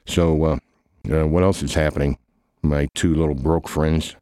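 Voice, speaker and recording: A man doing a sarcastic, grumpy, deep-voiced guy. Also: level tone, normal speed, mellow, dry recording, clean studio sound. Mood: scornful. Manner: sarcastic, scolding. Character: grumpy scornful man mocking his idle friends.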